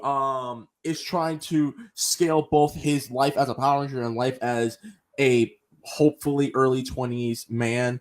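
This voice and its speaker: A man co-hosting a casual podcast, with a slightly high voice. He talks in a loose, slangy way and acts out quotes, his voice leaping up when he gets worked up. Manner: animated, slangy, acts out quotes with big pitch jumps. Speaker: podcast co-host. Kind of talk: casual show review chat.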